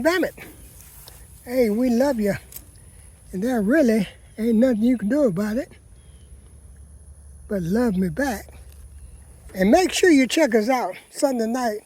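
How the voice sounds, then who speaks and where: Heard with no room sound, a gardening vlogger with a very high, darkish voice wanders his vegetable garden. He chats folksily to his audience in this casual walkabout, regularly calling them "people."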